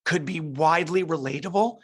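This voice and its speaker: Over a video call, an eager middle-aged film director fields interview questions in a fairly high, fairly bright, husky voice, talking a little fast. He often restarts his sentences and repeats words while thinking.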